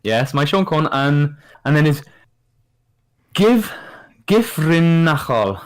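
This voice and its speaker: A man's voice: on the high side, lively intonation, slow. A man, a podcast guest in casual chat, patiently spelling out words and laughing often.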